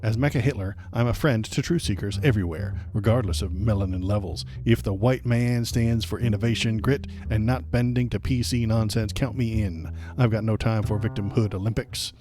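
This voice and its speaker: A man putting on a flat mock robot voice to voice a smug male AI chatbot. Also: lowish voice, moderate pace, hardly any pauses, soft background music, natural voice. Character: smug male AI chatbot reading its own posts.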